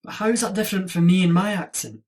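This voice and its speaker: A performer playing a quirky Scottish accent coach with a Scottish accent, patient and a bit teasing, in an online student drama over a video call. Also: male voice, sits high, steady tone, fast, darkish tone, lightly acted. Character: quirky Scotsman accent teacher.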